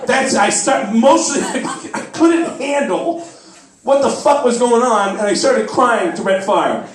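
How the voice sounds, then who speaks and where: Excitable high-voiced comedian man. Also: slow. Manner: excitable, profane, acts out voices in his story. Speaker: stand-up comedian. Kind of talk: stand-up storytelling. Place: comedy club. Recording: echoey club, mic heard from a distance.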